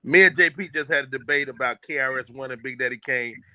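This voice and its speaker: A man's voice: medium pitch, quick pace, dry recording. A man joining a show as a guest over a remote call that keeps dropping out, easygoing. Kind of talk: casual chat. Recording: loud noise, audio dropping out.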